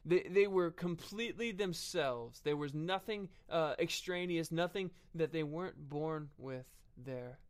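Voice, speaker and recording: Earnest man preaching, voice pitched slightly high. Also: a little slow, few pauses. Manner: earnest, frequent fillers and restarts. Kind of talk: sermon.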